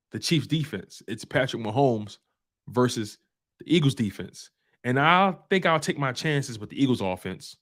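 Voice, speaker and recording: A man hosting a live football stream, trash-talking the rival team with emphatic repetition and slang. His voice sits a bit high for a man. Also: fairly bright tone. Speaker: sports show host.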